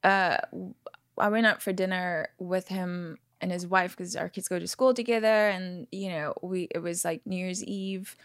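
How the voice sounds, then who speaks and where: A woman's voice: on the low side, fairly even intonation, moderate pace, no room sound, studio quality. A woman in her forties from South Africa with an American accent, a chatty guest in a casual podcast chat who laughs easily. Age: 40s. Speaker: guest actor.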